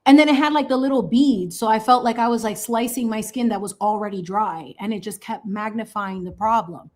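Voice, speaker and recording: A woman in her thirties talks in a casual, sassy monologue, her voice sitting a little high. She tosses in slangy asides and laughs often as she chats. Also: brisk. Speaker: craft channel host.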